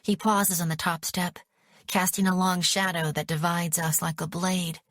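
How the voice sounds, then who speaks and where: A woman narrating an audiobook in the first person, measured and dramatic. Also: lowish voice, flat delivery, fairly bright tone, no room sound, studio quality.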